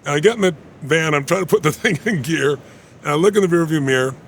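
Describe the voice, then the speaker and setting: A man in his sixties with a gravelly, rough-edged voice speaks as an interview guest. He tells his story in a rapid, emphatic rush, pitched a little higher than most men. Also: slight background noise.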